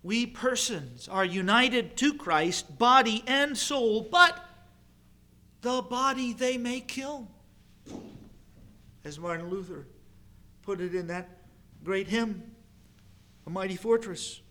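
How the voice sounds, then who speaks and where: Male pastor, higher voice, unhurried emphatic sermon delivery. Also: pushed and bright. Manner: measured, emphatic preaching with pauses and repetition.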